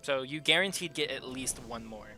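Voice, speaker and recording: A man's voice: mid-range voice, moderate pace, bright, forceful tone, soft background music. A man casually commenting as his friend plays a game, chatty and laughing often. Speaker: guide watching a friend play.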